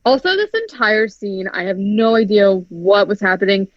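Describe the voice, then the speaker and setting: A woman's voice: medium pitch, animated, moderate pace, dry recording. Chatty woman recapping a film, dry lo-fi sound. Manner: chatty, heavy "like" filler, frequent swearing. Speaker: podcast co-host. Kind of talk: casual movie recap chat. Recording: dry, dull lo-fi podcast audio.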